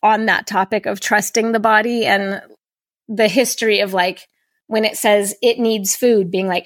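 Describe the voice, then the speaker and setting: A woman podcast host telling a candid personal story in an earnest, animated way, acting out her own inner voices. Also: mid-range voice, measured pace, dry recording, studio quality.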